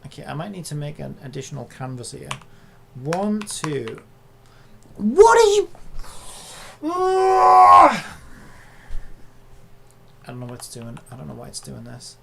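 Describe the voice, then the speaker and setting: A content creator talking casually while working at a computer, muttering and swearing at the software in exasperation. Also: mid-range voice, fairly quick, creaky, background noise.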